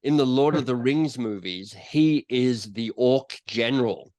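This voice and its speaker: A medium-pitched man speaks a little slowly as a guest author and coach on a podcast interview. He's an animated storyteller, acting out small quotes as his stories unfold.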